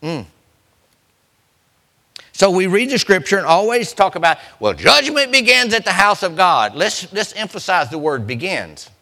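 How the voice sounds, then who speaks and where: A man preaching a sermon as pastor, restarting phrases and building to emphatic, slowed punchlines. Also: high-pitched, very animated, bright, forceful tone.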